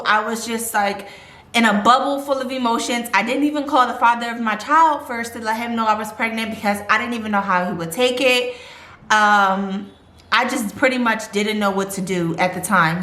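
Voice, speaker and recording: A woman's voice: fairly high pitch, sharp tone, reverberant. A young woman vlogging a casual storytime, rambling and chatty with lots of fillers.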